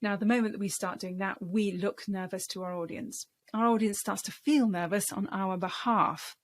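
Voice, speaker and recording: A woman's voice: mid-range voice, fairly even intonation, moderate pace. Encouraging woman coaching public speaking. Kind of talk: speaking-tips lesson to camera.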